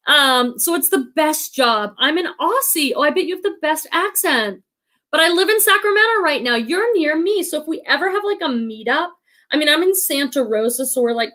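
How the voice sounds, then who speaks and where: Chatty high-voiced woman live-stream host. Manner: chatty, warm-hearted, laughs often, many fillers. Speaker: livestream host of a reselling channel. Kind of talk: casual live-stream chat reading comments.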